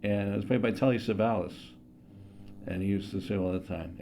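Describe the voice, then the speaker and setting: A man's voice: on the low side, expressive, brisk, gravelly, a little mellow, a little hiss or hum. A man in his sixties hosting a show in a studio, chatty and self-deprecating as he introduces a comedy routine. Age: 60s. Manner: chatty, self-deprecating, hesitant with many fillers. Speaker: host. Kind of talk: stand-up impressions routine.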